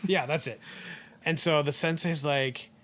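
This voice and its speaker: A man's voice: a little high, fairly even intonation, unhurried, fairly bright tone. A man co-hosting a casual podcast, retelling a film in a rambling way with acted-out lines and some swearing. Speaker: podcast co-host. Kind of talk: casual film recap chat.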